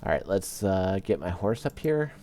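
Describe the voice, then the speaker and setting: A man casually commenting on his own game play as a let's-play host, relaxed and rambling. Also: low voice, moderate pace, slight background noise. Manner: relaxed, rambling, with many fillers. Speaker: gaming video host.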